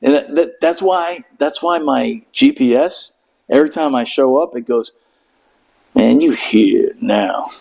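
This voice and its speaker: A middle-aged veteran with a somewhat raised, a little high, gravelly yet slightly mellow voice tells a rambling war story in a loose podcast chat. The audio is poor and his pace is normal. He swears freely and keeps slipping into impressions of the people in his tale.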